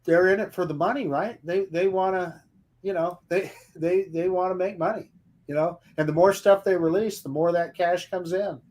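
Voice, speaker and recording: A man's voice: sits high, steady tone, moderate pace, a little mellow. A man as a guest on a live-stream talk panel, speaking casually and bluntly with stumbling restarts.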